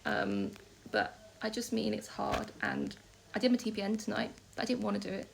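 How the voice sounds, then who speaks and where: A woman in her thirties rambling candidly and warmly to her phone camera from a hospital room in a casual vlog. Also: medium pitch, very animated, moderate pace, vocal fry, a little hiss or hum, low-quality recording. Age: 30s. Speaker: vlogger.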